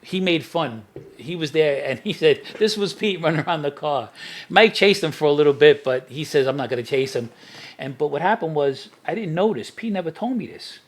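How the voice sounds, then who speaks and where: A man's voice: a little high, lively intonation, fairly quick. A middle-aged man, a podcast guest, telling street stories in a casual interview and laughing at his own anecdotes.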